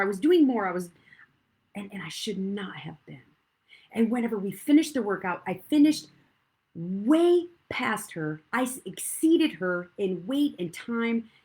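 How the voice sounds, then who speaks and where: A middle-aged woman pastor preaching live to her congregation, her voice husky with some gravel at the edges. She tells a personal story candidly, letting her volume fall to a hush and rise again for emphasis. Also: mid-range voice, rough recording. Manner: candid, storytelling, swings from hushed to loud. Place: church stage, live.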